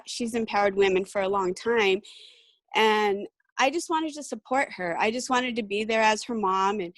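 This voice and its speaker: A middle-aged woman speaks over a video call in an even, mid-pitched voice. The sound is dry and close, with no room around it. She shares a personal testimony, halting and emotional, with many ums and restarts. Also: dry recording. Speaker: guest speaker.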